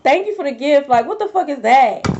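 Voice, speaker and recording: Woman tarot reader, high voice, blunt, cussing, slangy, dull lo-fi recording. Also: animated, a little fast, a little mellow. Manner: blunt, profane, slangy, talking to viewers directly. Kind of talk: casual intuitive tarot reading.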